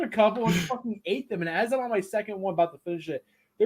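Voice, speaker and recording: A man's voice: high voice, fast, breathy edge. A man hosting a casual chat, telling rambling stories with plenty of swearing and acted-out quotes. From Italian heritage. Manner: rambling storyteller, swears freely, acts out quotes. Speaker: podcast host.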